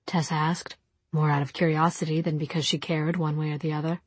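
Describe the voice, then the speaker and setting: Woman narrating an audiobook, husky. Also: deep voice, flat delivery, brisk, no room sound. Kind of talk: scripted narration.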